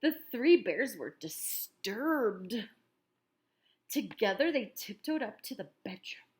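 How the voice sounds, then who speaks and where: A woman reading a picture book aloud to children as a teacher, animated and full of chatty asides to her listeners. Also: a little high, slow pace.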